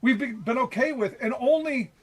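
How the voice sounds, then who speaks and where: A man with a notably high voice, joining a radio show as a guest host. He speaks with passion and dry sarcasm, building his points steadily. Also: normal speed, breathy edge. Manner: sarcastic, passionate political commentary. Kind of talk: casual talk radio.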